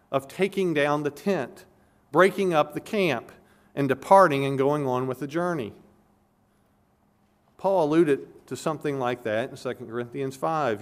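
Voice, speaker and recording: A man preaching a sermon as pastor, explaining scripture earnestly, with emphatic repetitions and frequent restarts. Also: medium pitch.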